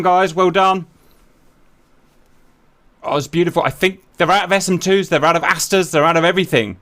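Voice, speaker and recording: A man commentating a simulated naval battle to his viewers, animated and jokey, swearing as things go wrong. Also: on the high side, moderate pace. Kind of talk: excitable game commentary.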